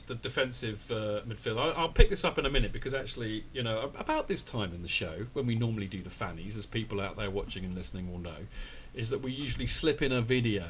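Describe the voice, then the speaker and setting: A man's voice: mid-range voice, a bit bright, slight background noise. A man hosting a casual football fan podcast, chatty and rambling, with many restarts and fillers. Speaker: podcast host.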